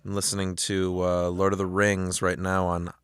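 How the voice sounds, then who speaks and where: A man's voice: low-pitched, monotone, moderate pace, fairly bright tone, smooth, no echo, studio quality. A young man with a Midwestern American accent, co-hosting a casual chat in a laid-back, thoughtful way with some hesitant fillers. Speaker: podcast co-host.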